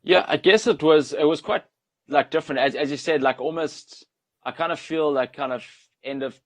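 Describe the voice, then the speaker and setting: A man's voice: fairly high pitch, normal speed. A young South African man with a South African accent, telling stories in a rambling, laid-back way as a guest on an interview show. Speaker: guest, ultra trail runner. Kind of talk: casual interview storytelling.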